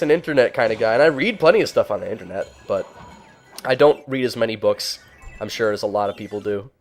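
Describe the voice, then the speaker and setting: A man hosting a let's play, talking casually over the game in a mid-pitched voice. He rambles from tangent to tangent, leaning on "like" and "um". He gets quickly worked up over small things in the game. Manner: rambling, lots of "like" and "um", easily excited. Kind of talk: casual gameplay commentary.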